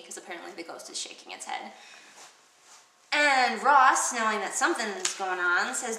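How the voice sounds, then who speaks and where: Funny woman explaining a play, slangy and sarcastic, bright voice, echoey room. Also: medium pitch, lively intonation, normal speed, a little hiss or hum. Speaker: video host explaining Shakespeare. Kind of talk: comic lesson explainer. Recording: echoey room, distant mic.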